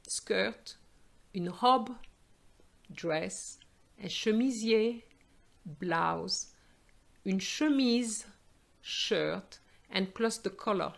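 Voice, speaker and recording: A French woman teaching a language lesson, modelling phrases, translating them, and announcing each question number clearly. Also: mid-range voice, extremely slow, pauses often. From France. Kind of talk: slow explanatory language lesson.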